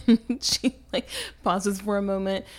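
A young woman co-hosting a casual book discussion, chatty and quick to laugh, with plenty of "like.". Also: medium pitch, fairly even intonation. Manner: laughs often, chatty, says "like" a lot. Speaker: podcast co-host.

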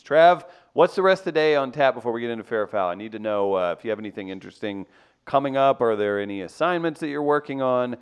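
A man's voice: mid-range voice, animated, quick pace, clear, resonant tone. A man hosting a talk show, teasing his co-hosts in casual banter and steering the segments along. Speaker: radio show host.

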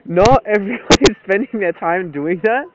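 A young man with a slightly high voice, talking in a loose, rambling monologue full of swearing and laughs. His audio sounds thin and tinny, like it came through a phone line. He talks animatedly, with plenty of fillers and restarts. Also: expressive, moderate pace, over a noisy crowd. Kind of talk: casual solo monologue.

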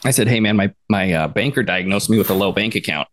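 A man's voice: on the low side, quick pace, a bit bright, a little hiss or hum. A man co-hosting a podcast, chatting casually and telling rambling stories. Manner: rambling storyteller, reads labels aloud. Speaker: podcast co-host. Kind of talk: casual chat.

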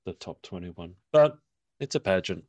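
A man's voice: sits low, lively intonation, moderate pace, darkish tone, no room sound. A man hosting a casual podcast chat as a pageant coach, chatty and playful with frequent laughs.

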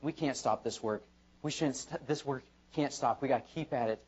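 A man preaching an evening church sermon at a middle pitch. He presses his points through repetition and emphasis. The recording sounds dull and lo-fi. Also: moderate pace, slightly rough. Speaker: pastor.

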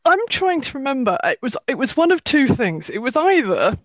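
A woman's voice: high-pitched, very animated, normal speed, dry recording. A woman from England in her forties, co-hosting a podcast in casual, giggly storytelling chat. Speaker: podcast co-host.

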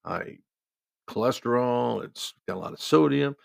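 A man voicing a patient, polite female hospital dietitian who explains calmly. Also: medium pitch, moderate pace, vocal fry, dry recording, clean studio sound.

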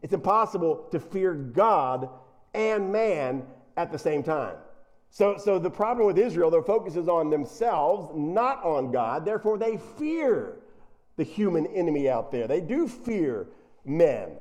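A man preaching a sermon, animated and acting out the characters he quotes. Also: fairly high pitch, a little slow. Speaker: pastor.

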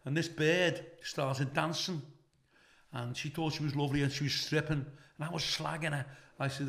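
Here the middle-aged Scouser, a comedian on as a guest, spins yarns casually, full of swearing, and perks up when repeating what others said. His gravelly voice is a little high and his pace moderate.

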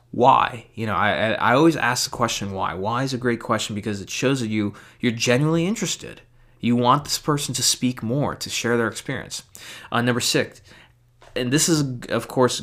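A man delivers practical advice in an informal talk, moving through a numbered list of tips. His delivery is loose and conversational, dotted with "you know" and quick self-corrections, and he stresses the points that matter most. His voice sits at an ordinary middle pitch. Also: fairly bright tone. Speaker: speaker giving communication advice.

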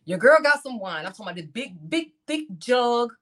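A woman in her thirties, speaking, tells a personal testimony in animated style and acts out her own reactions as she talks to the audience. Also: a little high, normal speed. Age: 30s. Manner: talks straight to the audience, calls them "y'all".

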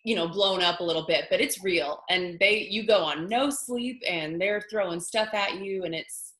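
Chatty young woman, bright voice. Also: on the low side, moderate pace. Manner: chatty, many fillers like "um" and "like". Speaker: country singer guest. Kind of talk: casual interview chat. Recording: echoey room.

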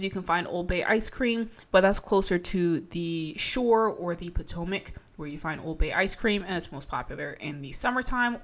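A young woman from Maryland chatting casually to camera, reacting to an article in an animated, profane and rambling way. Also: mid-range voice. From Maryland, USA. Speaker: vlogger.

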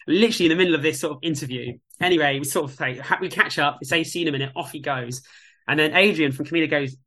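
A man chats casually as a radio guest. His voice is bright and a little high, and he tells stories with animated, quoted voices. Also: fast talker. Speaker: guest, music venue tech. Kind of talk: casual chat.

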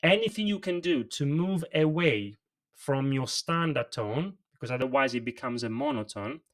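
A man who is not an English speaker, a presentation coach explaining vocal technique in a livestream interview, animated and practical. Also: medium pitch, moderate pace, distant mic.

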